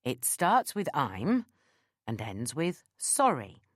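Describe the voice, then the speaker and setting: A woman's voice: very deep voice, wildly swooping pitch, slow, husky, no echo, exaggerated voice. A woman reading the lines of a confident man who teases with a dry, playful manner, in an audiobook. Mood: teasing. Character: teasing confident man, a marine best man.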